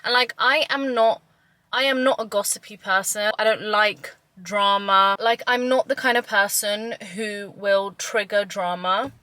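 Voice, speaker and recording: Woman vlogger, chatty and animated, bright voice, mid pitch. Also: unhurried, dry recording. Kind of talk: chatty vlog.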